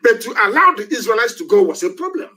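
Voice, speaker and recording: A man's voice: very high voice, sing-song, quick pace, bright, forceful tone, low-quality recording. A man giving an impassioned political broadcast, preachy and full of repeated rhetorical questions. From Nigeria.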